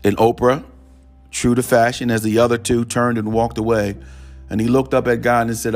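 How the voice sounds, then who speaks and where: A man delivers a sermon as a casual, rambling story at a mid-range pitch. He leans on repeated "he said" tags as he tells the parable. Soft instrumental music sits faintly behind his voice. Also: little pitch movement, normal speed. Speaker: preacher.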